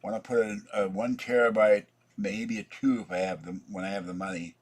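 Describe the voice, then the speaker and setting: A man talks on through a casual home vlog in a lowish, husky voice. He is chatty and meandering, muttering to himself as he works at his computer. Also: steady tone, a little fast. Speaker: vlogger.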